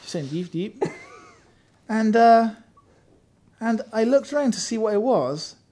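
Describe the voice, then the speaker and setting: A man's voice: very high voice, animated, normal speed, mellow. A man who writes for a games magazine, telling a wry, self-mocking anecdote in casual podcast chat.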